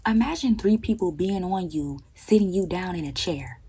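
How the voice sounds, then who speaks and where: A young woman with a very husky, breathy, low-pitched voice tells a storytime in casual vlog style. Her delivery is animated and profane, and she swings between sharp outbursts and hissed whispers. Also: moderate pace, rough recording. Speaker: vlogger.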